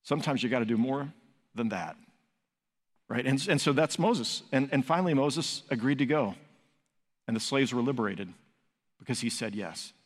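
A man's voice: mid-range voice, lively intonation, normal speed, pauses often. A man preaching a sermon as pastor, emphatic, building to raised peaks and asking rhetorical questions. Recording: long hall reverb.

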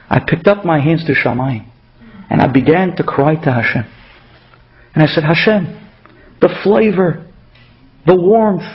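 A man's voice: on the high side, highs cut off. A man telling of a humble poor woman pleading. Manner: earnest, pleading. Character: humble poor woman, a water carrier's wife.

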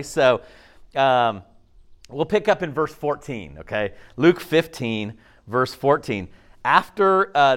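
A man preaching a sermon in an animated, conversational way, often checking in with "okay?" and acting out voices. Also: fairly high pitch. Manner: acts out voices and laughs often. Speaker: pastor.

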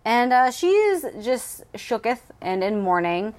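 A woman's voice: fairly high pitch, very animated, darkish tone. A woman co-hosting a podcast, discussing a novel in casual chat with wry jokes and wordplay. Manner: wry and joking, quick with wordplay. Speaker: podcast co-host. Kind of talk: casual chat about a book.

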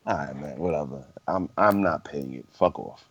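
A man's voice: very deep voice, normal speed, breathy edge, no room sound. A man co-hosting a podcast in casual banter, reading a news item aloud with stumbles and playful boasting. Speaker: podcast co-host. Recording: muffled lo-fi dry recording.

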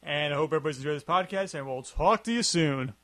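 A man hosting a casual podcast, talking in a relaxed, rambling way with many fillers. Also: on the high side, quick pace. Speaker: podcast host.

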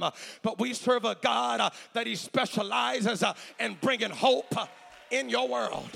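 A man preaching a sermon, shifting between a low, intimate delivery and shouted, sing-song whooping, with "uh" filling his pauses. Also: gravelly, slightly rough, long reverb tail. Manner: fills pauses with "uh". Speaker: pastor.

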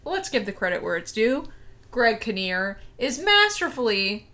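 An enthusiastic woman co-hosting a casual film chat, with a voice that sits a little high. She leans hard on words and stretches them out for emphasis. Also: very animated, unhurried, pushed and bright. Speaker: podcast co-host.

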